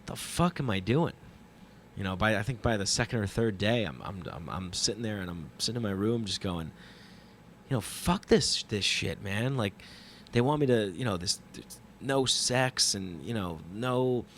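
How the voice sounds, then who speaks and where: A man hosting a podcast, telling a travel story in a casual, animated and profane monologue that mocks himself. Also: lowish voice, moderate pace, a little hiss or hum. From New York. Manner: profane, animated, self-mocking retelling.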